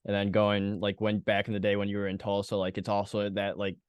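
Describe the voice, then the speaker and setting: A man's voice: lowish voice, completely flat delivery, clean tone, no room sound. A male podcast host from Illinois asking a guest questions in an easygoing, casual way. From Illinois, USA. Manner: easygoing, quick to laugh and react.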